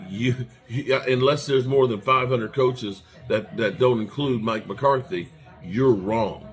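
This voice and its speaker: A man's voice: mid-range voice, slow, soft background music. A man hosting a fan channel, delivering an angry, repetitive rant with swearing.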